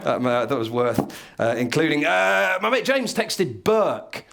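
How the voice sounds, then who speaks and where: A man's voice: fairly high pitch, expressive, unhurried, gravelly, crowd noise. Male comic, dry lecture-style stand-up, live room. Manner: dry, wry storytelling with chuckles. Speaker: stand-up comedian. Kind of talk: comedy lecture. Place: live comedy venue with an audience.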